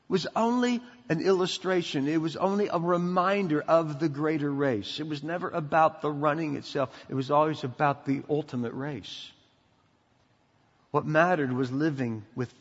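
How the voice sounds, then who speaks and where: A middle-aged pastor preaching a sermon, emphatic and preacherly, sometimes dropping to a quiet intensity. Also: male voice, a little high, breathy edge. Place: church sanctuary. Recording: dull sound in a reverberant hall.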